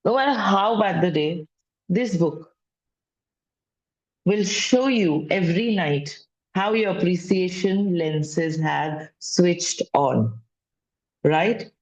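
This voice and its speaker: Woman, low-pitched, conversational wellness coach, muffled lo-fi sound. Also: slow pace, long pauses, a little mellow. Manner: conversational, repeats phrases with frequent "right?" tags. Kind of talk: casual spiritual teaching talk. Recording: dull lo-fi sound.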